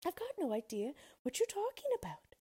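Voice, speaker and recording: A woman's voice: very high voice, sing-song, a little fast, dark tone, no echo, voice pushed up. A woman voicing a young girl in a storybook reading, cross and indignant.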